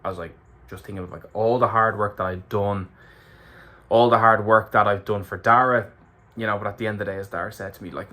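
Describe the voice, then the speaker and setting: A man's voice: lowish voice, pushed and bright. An Irish man recapping a race to camera in a candid, emotional way, swearing freely. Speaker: ultramarathon runner vlogger.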